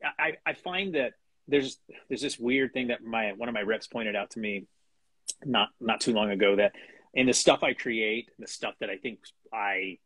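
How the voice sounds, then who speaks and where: Middle-aged man, interview guest, husky voice, dry close sound, halting, lots of fillers and restarts. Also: lowish voice, fairly bright tone, dry recording. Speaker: guest, animation writer. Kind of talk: casual interview chat.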